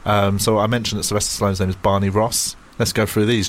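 A man co-hosting a radio comedy chat from the studio, his low voice unhurried and jokey. He laughs easily and talks like he is among friends. A faint hiss sits under the studio sound. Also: little pitch movement. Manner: laid-back, jokey, laughs often. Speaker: radio co-host. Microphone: studio mic with headphones.

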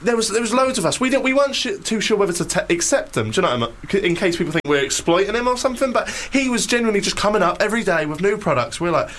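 A young man tells a long story on a radio chat show, rambling and self-deprecating, and often breaking into laughter. His voice sits a little on the high side. Faint noise hums behind him. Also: lively intonation, racing, hardly any pauses, a bit bright. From Norwich, England. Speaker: radio co-host.

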